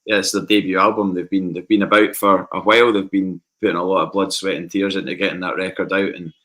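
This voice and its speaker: A man with a Scottish accent telling lively anecdotes in a casual podcast chat. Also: low-pitched, fast. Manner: animated anecdotes with acted quotes. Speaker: podcast guest.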